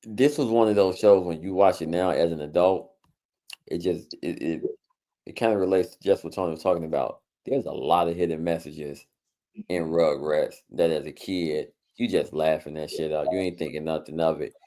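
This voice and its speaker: Male co-host, AAVE, lower voice, animated and profane storyteller. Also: moderate pace. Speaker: podcast co-host. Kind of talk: casual chat.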